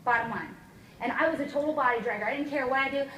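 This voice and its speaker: A woman giving an energetic, emphatic motivational seminar talk as a sales trainer, constantly checking in with her listeners. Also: high-pitched, fast, slight background noise. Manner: energetic, emphatic, keeps checking in with "okay?" and "guys". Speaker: network marketing trainer. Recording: echoey room, voice from far off, faint ambience.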